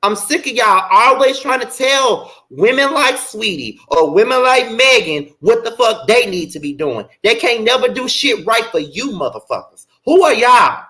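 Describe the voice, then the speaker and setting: High, bright-voiced man ranting. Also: lively intonation, moderate pace, hardly any pauses. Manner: blunt, profane, heated; repeats lines for emphasis. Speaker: show host. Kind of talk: ranting commentary livestream.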